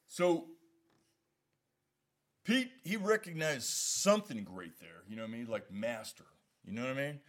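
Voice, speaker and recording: Brief: man leading a Bible study, easygoing and conversational, pitch swings widely as he gets into it. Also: unhurried, long pauses. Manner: conversational, animated, lots of "you know what I mean". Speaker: pastor. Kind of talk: casual Bible study teaching.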